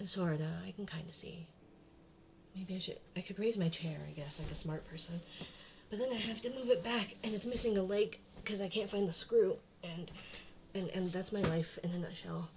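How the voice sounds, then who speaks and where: A young woman hosts a casual live stream from her home desk, rambling and muttering self-mocking remarks to herself as she sets up. Her mid-range voice has fairly even intonation and normal speed against a noisy background.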